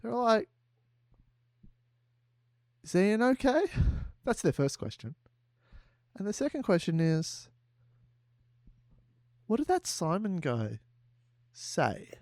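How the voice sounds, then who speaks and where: A man co-hosting a comedy podcast, slowly building an absurd space story and often laughing. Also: high voice, wildly swooping pitch, darkish tone, dry recording. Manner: slow, giggly, building the story step by step. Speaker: podcast co-host. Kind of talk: improvised comic storytelling.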